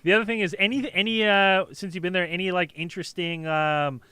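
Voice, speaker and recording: A man's voice: sits high, steady tone, fairly quick, sharp tone, clean tone, dry recording. A man hosting a casual podcast chat, joking loosely and laughing. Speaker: podcast host.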